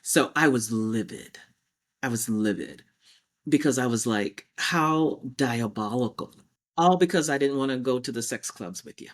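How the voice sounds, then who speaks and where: A woman's voice: extremely low pitch, moderate pace. A woman as a podcast guest, telling her personal story and acting out past conversations as she goes. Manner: animated, acts out past exchanges in quotes.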